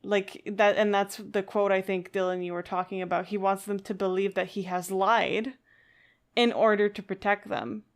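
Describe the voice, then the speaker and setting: A woman's voice: medium pitch, flat delivery, moderate pace. A woman co-hosting a podcast in casual chat, thoughtful and hesitant, with frequent fillers and restarts. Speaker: podcast co-host.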